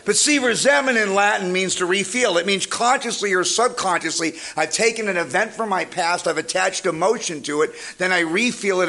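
A man giving a humorous motivational recovery talk, telling stories with energy and jokes. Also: on the high side. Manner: energetic joking storyteller. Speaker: recovery speaker.

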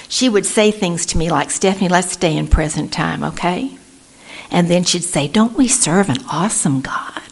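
An older woman gives a personal testimony at a recovery meeting. Her voice is husky and gravelly and sits a little low, and she tells her story earnestly, putting on the voices of the people she quotes. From Texas.

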